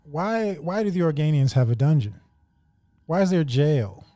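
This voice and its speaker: A man co-hosting a podcast, retelling a scene in casual chat and acting out characters in quick put-on voices. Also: fairly high pitch, lively intonation, warm tone, dry recording, faint music behind. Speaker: podcast co-host.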